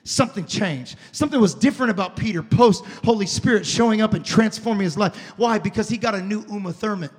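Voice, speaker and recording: A male pastor preaching a fervent sermon to a congregation, dropping to a hush and then rising to shouts. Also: high-pitched, fast, few pauses, big-room sound. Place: church sanctuary before a congregation.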